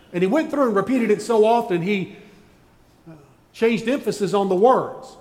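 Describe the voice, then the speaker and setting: A man's voice: sits high, normal speed, long reverb tail. A man preaching a sermon as pastor, folksy and joking as he tells stories to his congregation. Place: church sanctuary.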